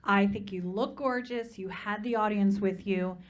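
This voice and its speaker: A woman judging a live singing competition, offering gentle, encouraging notes on dynamics. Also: medium pitch, moderate pace, slight background noise. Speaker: competition judge. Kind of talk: live judge's critique. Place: live performance venue.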